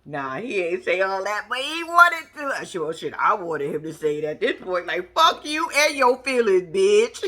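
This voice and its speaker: Brash, animated woman ranting. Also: moderate pace. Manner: animated, brash, profane, mimics people in high voices. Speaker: reality TV commentator. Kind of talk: casual reaction commentary.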